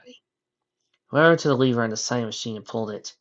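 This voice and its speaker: A man's voice: mid-range voice, quick pace, fairly bright tone, lo-fi sound. A man reading a fan story aloud as narrator, breaking off for wry, sarcastic joking asides. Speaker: narrator and fanfic reader.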